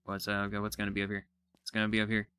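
Bright-voiced excitable man playing a game. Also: on the low side, rapid-fire, clean tone, no echo. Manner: excitable, thinks aloud, self-deprecating. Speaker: gaming YouTuber. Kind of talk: casual let's-play commentary.

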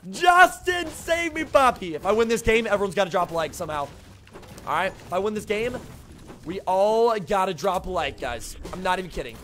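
A man's voice: high-pitched, lively intonation, brisk, slight background noise. A young man streaming a video game live, chatting with his viewers, greeting them by name and repeating himself when flustered. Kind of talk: live gameplay commentary to chat.

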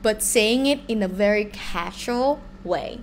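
A woman with a Thai accent, a native Thai speaker teaching a live online language lesson in an animated way. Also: medium pitch, normal speed. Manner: animated, switches between English and Thai examples.

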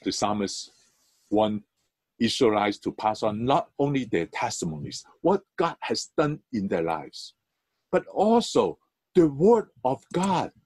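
A male church elder preaching at an unhurried pace, stressing key words with sudden lifts in his voice. The sound is dry and close, with no room reverb. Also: medium pitch, big pitch swings, a little mellow, slightly rough. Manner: earnest storytelling, emphatic rises. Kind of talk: sermon.

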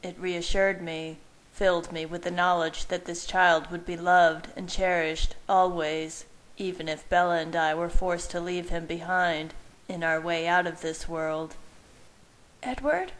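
Brief: woman narrator, lowish voice, steady reading of a romance story. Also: unhurried, rough recording. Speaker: fan fiction reader. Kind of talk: reading fan fiction aloud.

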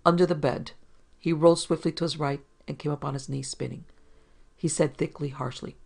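A man narrating a hard-boiled detective story in a steady, measured reading. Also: fairly high pitch, creaky.

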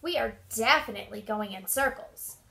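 A woman voicing a friendly, good-natured male mole in a children's storybook, speaking gently and with good humor. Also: on the high side, normal speed, creaky, voice pushed down, full character voice.

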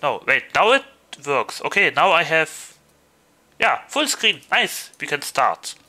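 A VTuber game streamer with a German accent chats loosely and jokingly with viewers. His voice is a little high and very animated, a bit slow with a sharp tone, on a low-quality recording.

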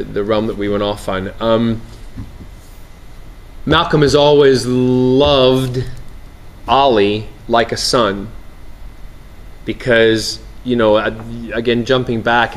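A man being interviewed on set about his acting role, animated and laughing, often restarting his sentences. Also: on the low side, slow. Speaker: actor interviewee. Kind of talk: press junket interview. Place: outdoor TV set, press line.

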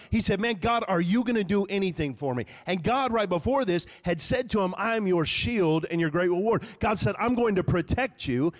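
Male pastor, animated conversational preacher, live church sanctuary with long reverb. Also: high-pitched. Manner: conversational, animated preaching, acts out quoted prayers. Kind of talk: sermon.

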